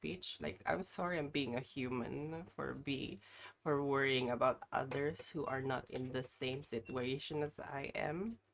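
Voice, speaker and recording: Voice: medium pitch, measured pace, gravelly, a bit bright. Rambling, apologetic live streamer. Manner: rambling, apologetic, talks to chat while reacting. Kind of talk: casual live-stream chat.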